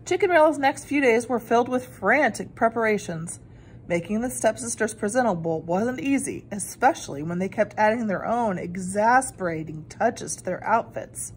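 Animated woman reading a picture book. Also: fairly high pitch, moderate pace, slight background noise. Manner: animated, expressive. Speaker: storyteller. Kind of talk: children's picture book read-aloud.

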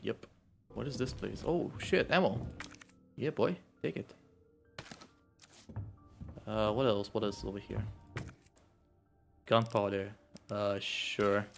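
A man giving reactive gameplay commentary, muttering quietly when tense and yelping and swearing when startled. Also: fairly low pitch, takes it slowly, gravelly, pauses often, soft background music. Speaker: gamer.

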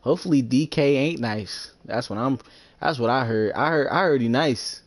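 A man's voice: moderate pace, no echo. A young man casually commentating while he plays a sports video game, boastful and full of slang, talking smack about his opponents. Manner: trash-talking, boastful, slangy, breaks into falsetto singing. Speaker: gaming streamer.

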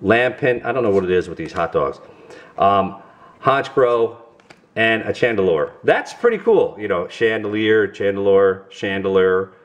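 Middle-aged New York dad, family vlog host, goofy and talkative, very lively pitch. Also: male voice, normal speed, highs cut off. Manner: goofy, chatty, talks straight to viewers. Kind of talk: casual card-opening vlog.

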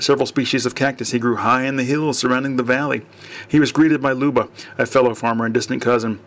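This is a man reading a strange comic tale aloud at a mid pitch. He trips over words and goes back to fix them, then carries on without fuss. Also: fairly bright tone. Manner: unpolished reading with frequent restarts and self-corrections. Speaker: audiobook narrator.

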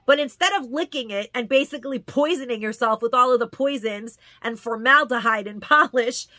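A woman's voice: a little high, normal speed, pushed and bright, no echo. Woman, casual haul chat, gushing, repeats herself, dry close sound. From New York. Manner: chatty, gushing, repeats words for emphasis. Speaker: haul vlogger.

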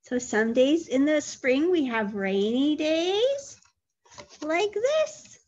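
A woman teacher reading a picture book aloud to toddlers, gentle and full of questions, with animated sound effects. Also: sits high, slow pace, dull audio. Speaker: early childhood teacher.

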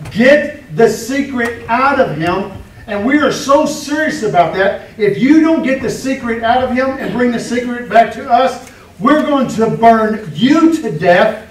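A male pastor preaching a sermon, animated and joking as he acts out the story's quotes. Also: extremely high pitch. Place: church hall. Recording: echoey room, mic at a distance.

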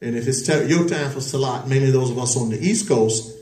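An American man, an imam, delivering a Friday sermon with animated, excited preaching that turns to solemn supplication and recited prayer. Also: mid-range voice, fairly quick. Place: mosque prayer hall. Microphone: livestream room mic. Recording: echoey mosque hall.

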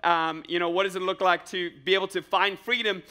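High-voiced energetic pastor preaching. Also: male voice, fairly quick, clean tone. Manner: energetic, jokey, repeats phrases and asks the crowd questions. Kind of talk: lively sermon with crowd call-and-response. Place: church sanctuary with live congregation.

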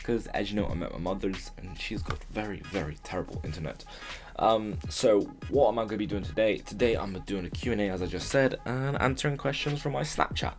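A man's voice: lowish voice, fairly quick, soft background music. A young man answering viewer questions in a casual vlog at his mother's home, rambling and joking, swearing and laughing often. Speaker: YouTuber.

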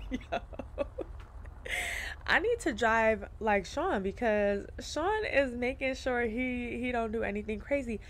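A woman's voice: on the high side, lively intonation, takes it slowly, slight background noise. A woman streaming a game and talking to her viewers in casual slang, laughing often. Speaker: gaming streamer.

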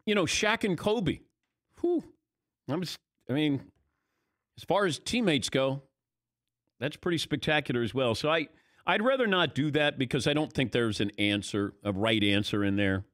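Animated sports radio host, dry studio sound. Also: male voice, on the high side, normal speed, no room sound. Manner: animated, restarts often, swoops up for emphasis. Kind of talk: casual sports talk.

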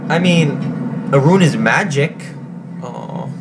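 Brief: young male reaction host, swings his pitch all over, excitable and profane, music behind. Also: slow. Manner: excitable, swears often. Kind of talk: casual reaction commentary.

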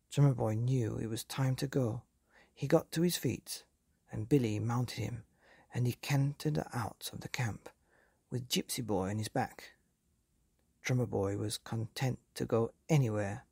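A woman reading a bedtime story aloud in a calm, even way, with a gravelly, husky voice. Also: a bass voice, no echo.

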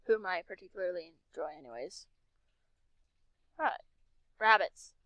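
A young woman chatting her way through a game, wry and sarcastic, often talking to herself. Her pitch sits in the middle of the range, and the sound is dry and close, with no room around it. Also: normal speed, pauses often, pushed and bright, no room sound, highs cut off. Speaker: game streamer. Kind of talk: casual game commentary.

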